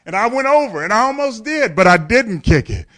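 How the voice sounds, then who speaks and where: During a sermon, a pastor tells a candid, funny story from his own life, chuckling often and addressing his congregation directly. His voice is high-pitched, very animated, fairly quick and a bit bright.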